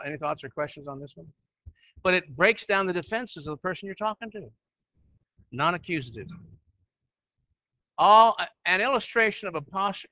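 A man's voice: high-pitched, no room sound, lo-fi sound. Man preaching in a conversational tone. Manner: conversational preaching, asks the audience questions. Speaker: pastor teaching church leaders. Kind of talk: sermon-style teaching with slides.

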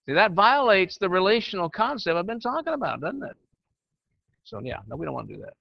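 High-pitched and sing-song, his voice races along with vocal fry in a dry, muffled lo-fi recording. The older man teaches and counsels church leaders, giving an informal group talk that's folksy and conversational until it turns to preaching.

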